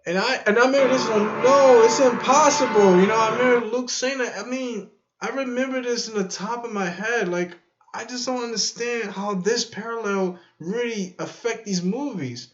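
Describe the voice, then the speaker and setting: A man's voice: very high-pitched, moderate pace, background noise. Man vlogger, rambling musing delivery, echoey room. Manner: rambling, musing, repeats himself. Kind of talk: casual chat to camera. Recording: echoey room, dull lo-fi sound.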